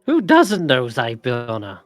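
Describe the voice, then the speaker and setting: A man's voice: medium pitch, wildly swooping pitch, slow pace, no room sound, soft background music. A man voicing a fussy, cryptic old male goblin in a butterfly costume, scolding and teasing. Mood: dismissive.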